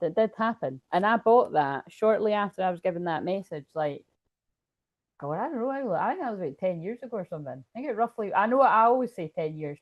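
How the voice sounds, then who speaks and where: A woman's voice: lowish voice, a little mellow. A Scottish woman talking casually at home as a tarot reader, rambling and laughing often. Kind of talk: casual livestream chat.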